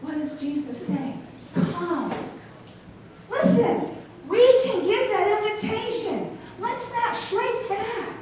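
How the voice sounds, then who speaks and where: High-voiced woman preaching in an echoey church. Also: lively intonation, slow pace, darkish tone, distant mic, slight background noise. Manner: storytelling, asks congregation questions. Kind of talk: sermon. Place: church sanctuary.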